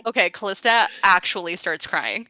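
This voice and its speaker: A woman player chatting during a tabletop game, giggly and unhurried, with many fillers. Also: on the low side, expressive, pushed and bright, soft background music. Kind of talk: tabletop role-play chat.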